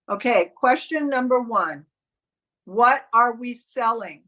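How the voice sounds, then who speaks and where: A woman's voice: fairly high pitch, lively intonation, takes it slowly, sharp tone, poor audio. A woman coach teaching a live online class, walking students step by step through marking up a commercial script, with frequent restarts.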